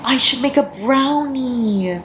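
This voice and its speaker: A woman vlogging casually through an all-night reading session, giddy and excitable, laughing often and swearing, tired from no sleep. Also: high-pitched, takes it slowly, slight background noise. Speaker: book vlogger.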